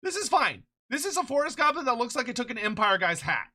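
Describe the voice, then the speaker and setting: A streamer chatting casually on a live stream, excitable and rambling, swearing freely and laughing often, short on sleep. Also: medium pitch, fast. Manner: rambling with frequent restarts.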